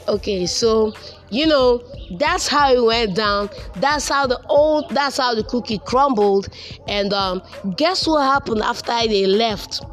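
Nigerian man telling a story over soft music. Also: high voice. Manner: animated, repeats words for emphasis, exclaims. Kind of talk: casual storytelling vlog.

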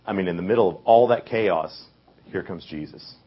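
A young man with a deep, husky voice talks to a youth group like he is chatting with friends, restarting phrases and tossing in fillers as he goes. The recording sounds dull and lo-fi. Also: normal speed. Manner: casual, conversational preaching with many fillers and restarts. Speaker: youth speaker. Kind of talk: youth sermon.

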